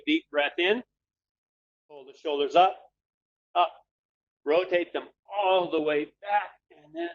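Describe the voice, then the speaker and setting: A man leading a webinar, guiding listeners through breathing and relaxation steps in a calm, unhurried way, repeating his cues in threes. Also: fairly high pitch, highs cut off. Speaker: webinar presenter leading a stress exercise. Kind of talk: guided breathing instruction.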